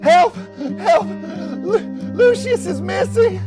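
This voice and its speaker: A woman's voice: animated, fairly quick, music in the background. A man voicing a panicked, frantic mother who shrieks for her missing son, in a tabletop role-play game. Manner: shrill, frantic, breathless cries. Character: panicked frantic middle-aged mother, Marie.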